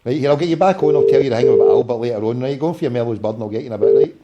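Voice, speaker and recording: A man's voice: mid-range voice, expressive, racing, dull audio, very noisy. A man with a Scottish accent hosting a casual football phone-in, ranting and swearing freely and teasing his callers. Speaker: radio phone-in host.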